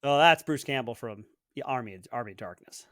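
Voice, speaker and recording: A man co-hosting a podcast, guessing movie quotes and recounting scenes with quick laughs. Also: medium pitch, fairly bright tone, no room sound, studio quality. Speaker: podcast co-host, quiz contestant. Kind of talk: casual chat.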